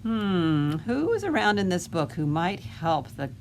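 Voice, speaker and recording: A woman, a children's librarian, reading a story aloud at storytime and gently coaxing the children with questions. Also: fairly low pitch, very animated, measured pace, slight background noise.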